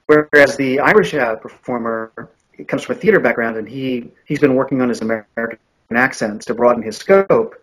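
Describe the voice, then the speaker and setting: A man's voice: medium pitch, brisk, fairly bright tone, breathy edge, rough recording. A man in his forties, an audiobook narrator and coach, giving thoughtful, earnest answers in a podcast interview. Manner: earnest and thoughtful, with frequent restarts.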